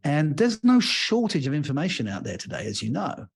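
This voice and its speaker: Male leadership coach, guest on an interview podcast, a slightly higher voice, lively storyteller who acts out the voices he quotes. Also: fairly quick, creaky, slightly rough. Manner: expansive storyteller, animated.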